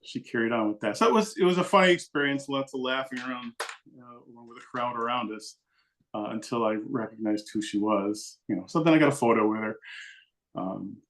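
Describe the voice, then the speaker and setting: A man's voice: mid-range voice, a little fast. A middle-aged man, a podcast guest, casually telling a rambling, self-deprecating story. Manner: rambling, self-deprecating, animated when quoting.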